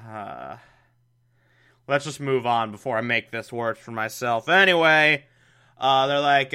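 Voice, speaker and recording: A man's voice: mid-range voice, expressive, unhurried, pauses often, sharp tone, clean tone. A man giving a sarcastic, exasperated recap of an old TV episode, mocking it and laughing at it. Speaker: show recapper.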